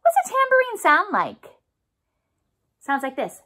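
A young woman leading a remote music therapy session for children, animated and sing-song, making instrument sounds with her mouth. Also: very high-pitched, a little slow.

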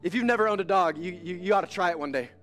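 A male pastor preaching a sermon in an animated, conversational, joking manner during a church service. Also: high-pitched, very fast, soft background music.

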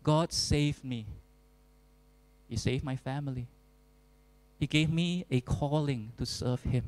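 A man preaching a sermon as pastor, earnest and deliberate, with emphatic repetition. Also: medium pitch, darkish tone, no echo, poor audio. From Singapore.

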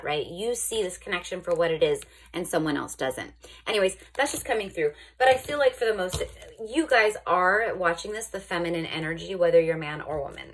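In a lowish, slightly rough voice, a tarot reader chats through an informal reading for viewers. She keeps asking "okay?" and often restarts or corrects herself mid-thought.

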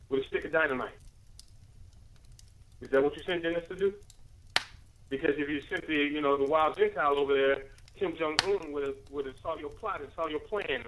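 Man commentator with a bright, slightly high voice, talking loosely and peppering every point with rhetorical questions. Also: poor audio. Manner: rambling, full of rhetorical questions and "right?" tags; addresses listeners as family. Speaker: radio commentator. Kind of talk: casual spoken commentary.

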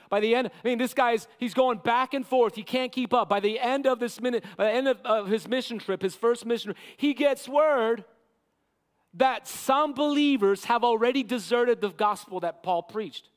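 A man preaching a sermon as pastor, impassioned, sometimes acting out quotes with rising shouts. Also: very high voice, normal speed. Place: church sanctuary. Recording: long church hall reverb.

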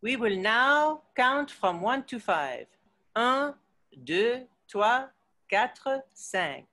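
A woman's voice: fairly high pitch, big pitch swings, drawn-out words, pushed and bright, pitched above the performer's own voice, full character voice. A woman reading a stiff, formal female French teacher.

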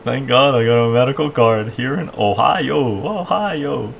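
A man's voice: mid-range voice, a little slow, vocal fry, slight background noise. A man hosting a casual live stream, ranting and rambling in a loose, conversational way and often tagging his points with "right?".

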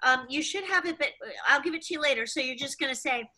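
A woman's voice: sits high, fast, bright, forceful tone, low-quality recording. A woman teaching an acting class over a video call, cueing her students and encouraging them.

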